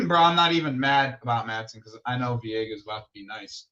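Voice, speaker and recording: A young man hosting a football watch-along stream, chatting casually in an animated, slangy way and laughing often. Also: mid-range voice, moderate pace, lo-fi sound. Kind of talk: casual live commentary chat.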